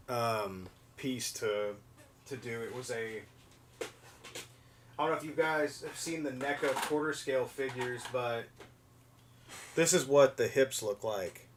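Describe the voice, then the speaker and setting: A man's voice: mid-range voice, unhurried, noisy background. A man in his thirties hosting a casual livestream, chatting in a rambling way while explaining hands-on repair steps. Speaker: livestream host doing figure repair. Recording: voice a bit far from the mic.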